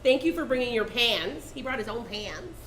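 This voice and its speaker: A woman's voice: on the high side, lively intonation, a bit bright. Bubbly woman hosting a cooking show. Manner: bubbly, quick to laugh and echo the guest. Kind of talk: casual chat. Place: kitchen studio. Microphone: condenser mic. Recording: echoey room, faint background noise.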